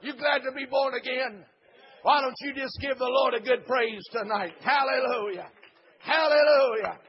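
A man with a very high, husky voice preaches a Pentecostal sermon in a church. He chants and shouts his lines in a rhythmic cadence, punctuating them with "uh". The recording is dull and lo-fi. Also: moderate pace. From Dayton, Ohio.

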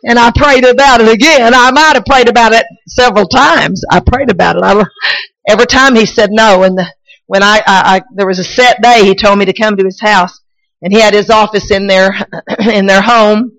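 A woman preacher, shouting and crying out in a sermon, then telling folksy stories with many restarts. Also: mid-range voice, fairly even intonation, brisk, rough recording. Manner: folksy storytelling with repeats and restarts. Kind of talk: sermon with personal testimony.

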